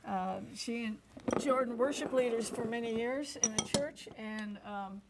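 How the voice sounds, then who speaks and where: A woman's voice: a little high, a little slow, heavy background noise. An older woman hosting a television cooking segment, chatting in a folksy, lightly joking way. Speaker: host. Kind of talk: casual cooking-segment chat. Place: television studio kitchen.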